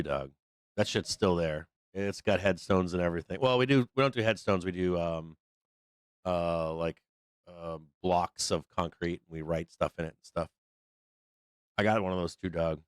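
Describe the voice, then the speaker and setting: A hoarse man hosting a live trading show, giving loose, profane, rambling market commentary on a close microphone. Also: low voice, no room sound. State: hoarse, losing his voice.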